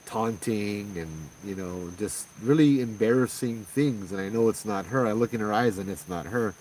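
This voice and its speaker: A man with a Hawaiian accent casually retelling a paranormal experience in a conversational, animated way, acting out the quoted voices. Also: lowish voice. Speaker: paranormal storyteller. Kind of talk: casual spoken ghost story. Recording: distant mic with faint background noise.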